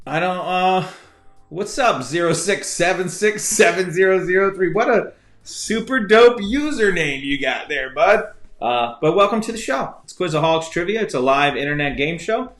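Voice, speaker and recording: A man hosting a live online trivia show who rambles casually through stories and shout-outs, stumbling over fillers and restarts. His voice sits a bit high for a man. It rings in an echoey room with faint music underneath. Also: expressive, normal speed. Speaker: game show host.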